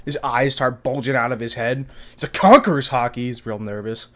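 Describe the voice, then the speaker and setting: A man's voice: mid-range voice, fairly even intonation, fairly quick, a bit bright. A young man in his twenties, casually talking through a manga chapter review in a loose, slangy, chatty way with casual swearing. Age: 20s. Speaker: anime review vlogger.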